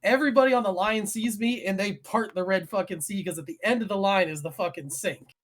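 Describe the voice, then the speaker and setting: A man's voice: high-pitched, a little fast, fairly bright tone. A young man telling a profane, heated story about his chef days on a casual podcast. He swears constantly and speeds up as he builds to the punchline. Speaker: podcast co-host, former chef. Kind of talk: casual chat.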